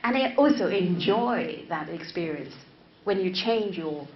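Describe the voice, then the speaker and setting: Slow-speaking woman teacher in an echoey classroom. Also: on the low side, animated, muffled recording, a little hiss or hum. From China. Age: 50s. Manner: repeats key words, checks with students. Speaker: university English teacher. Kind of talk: classroom lecture.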